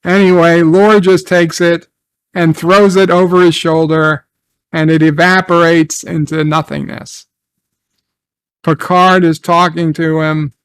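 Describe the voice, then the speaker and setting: A man's voice: fairly high pitch, level tone, unhurried, a bit bright, clean tone. A man recapping and reviewing a TV episode in casual, sarcastic commentary, swearing and trailing off into restarts.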